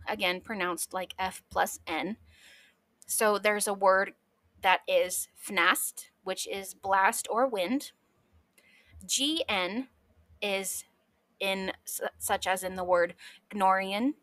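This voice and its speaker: A woman's voice: mid-range voice, bright, forceful tone, dry recording. A young adult woman hosting a podcast, explaining sounds and letters with enthusiastic, chatty asides. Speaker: podcast host. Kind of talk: casual educational podcast.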